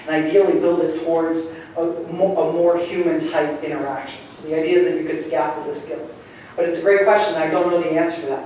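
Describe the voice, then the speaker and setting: A man's voice: on the high side, darkish tone. Guy giving a casual chatty lecture, recorded from across a big echoey room, bit of hiss. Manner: conversational, good-humored, chuckles often. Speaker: guest lecturer. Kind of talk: public lecture with audience questions. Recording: roomy hall sound from far off, faint noise.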